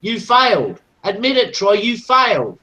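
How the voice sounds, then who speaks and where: A man's voice: high voice, sing-song, measured pace, pushed and bright, low-quality recording. A man in a heated online voice chat, taunting and swearing aggressively. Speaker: chat room participant.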